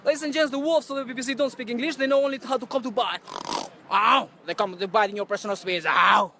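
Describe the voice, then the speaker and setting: A man livestreaming to his camera on a city street, ranting loudly and accusingly in non-native English phrasing. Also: extremely high pitch, racing, background noise. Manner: loud, accusatory, repetitive ranting. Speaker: activist street vlogger confronting staff. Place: outdoors on a city street by a building entrance. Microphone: handheld camera or phone he speaks into.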